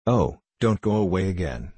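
A man's voice: low-pitched, animated, moderate pace, dark tone, slightly rough, no echo. A man reading as an eager young boy. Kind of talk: storybook reading.

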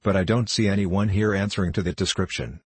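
A man's voice: deep voice, steady tone, fast talker, husky, dry recording. A man voicing a stern, impatient male coroner who questions curtly, in a storybook reading. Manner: curt, sharp questioning.

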